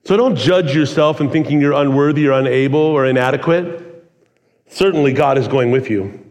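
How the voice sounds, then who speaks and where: A man preaching a sermon in a relaxed, conversational way, full of "like" and "kinda.". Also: medium pitch, normal speed. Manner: casual, conversational preaching with many "like"s. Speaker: pastor. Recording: long hall reverb.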